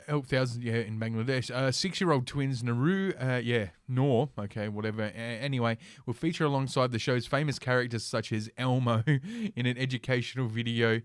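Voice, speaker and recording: A man's voice: mid-range voice, moderate pace, hardly any pauses, smooth, no room sound, clean studio sound. A man hosting a casual ranting commentary stream from his computer, reading news aloud with sarcastic, profane asides and lots of fillers. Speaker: host.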